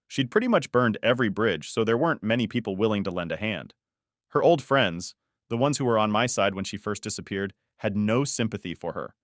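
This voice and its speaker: Guy telling his own story, lowish voice, dry close sound, just lays it out flat. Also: no room sound. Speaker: narrator. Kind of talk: first-person story narration.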